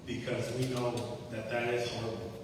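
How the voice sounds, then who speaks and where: A man gives an earnest personal testimony in a church meeting hall, repeating key phrases and acting out remembered conversations. His mid-pitched voice sounds distant from the microphone, with strong echo and a long reverb tail. A faint hiss sits underneath. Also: little pitch movement, moderate pace. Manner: earnest, repeats phrases, acts out quoted dialogue. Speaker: testimony speaker at a faith-based recovery meeting.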